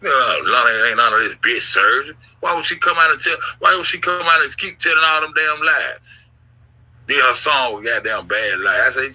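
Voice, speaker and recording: Profane, rambling man with a husky voice. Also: mid-range voice, very animated, a little fast, sharp tone, poor audio. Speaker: YouTube commentator. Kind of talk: casual livestream storytelling.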